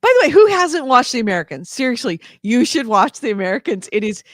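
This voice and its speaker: A man's voice: very high voice, big pitch swings, quick pace, a bit bright, no echo, clean studio sound. A man from California co-hosting a casual gaming news podcast, rambling with many fillers and restarts. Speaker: podcast co-host.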